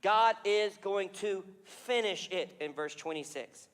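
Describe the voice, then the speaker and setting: A man preaching in a church with a high, bright voice, retelling scripture in an animated way. Personal confessions and questions to the congregation break into the story. His words echo through a large sanctuary with long reverb. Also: takes it slowly, clear, resonant tone. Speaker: pastor. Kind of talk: sermon.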